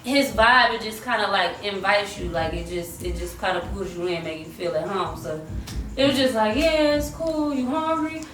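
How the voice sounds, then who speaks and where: A young woman with a medium-pitched voice, speaking at a moderate pace, casually and animatedly recounts a story about her music career, acting out quotes and slipping into bits of song. The recording sounds roomy from a distant mic, with faint hiss.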